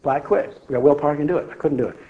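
A man's voice: fairly high pitch, fairly even intonation, very fast. Folksy man preaching with personal testimony. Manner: folksy, conversational, addresses the congregation. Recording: slightly dull lo-fi sound.

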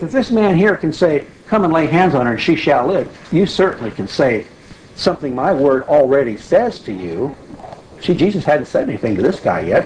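Animated man leading a Bible study. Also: a little high, a little hiss or hum, poor audio. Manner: animated, emphatic, asks the group questions. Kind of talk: conversational Bible teaching.

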